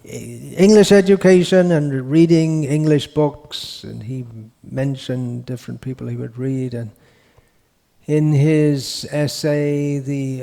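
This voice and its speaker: A man giving a scriptural lecture in an unhurried, rambling way, with frequent restarts and fillers. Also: a little high, warm tone. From India. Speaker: monk lecturer.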